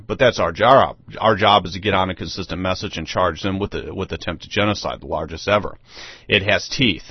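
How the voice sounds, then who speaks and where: Guy, lowish voice, rambling radio host monologue, muffled dry lo-fi sound. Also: dry recording. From United States. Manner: rambling, emphatic, repeats himself. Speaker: online radio show host. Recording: dull lo-fi dry audio.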